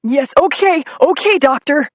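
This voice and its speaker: A narrator voicing a small, volatile middle-aged man who talks in a peculiar high-pitched whine. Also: expressive, unhurried, no echo. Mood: pleading whine.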